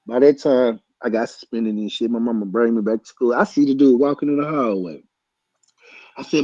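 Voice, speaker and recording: A man telling a story loudly and excitably, acting out voices and punches with sound effects. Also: mid-range voice, brisk, dry recording. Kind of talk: animated storytelling. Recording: dull lo-fi sound.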